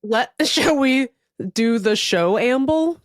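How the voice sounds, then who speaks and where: A woman in her thirties, a podcast co-host, telling a story in casual chat, animated and laughing as she acts out quotes. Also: fairly high pitch, takes it slowly, no echo, studio quality.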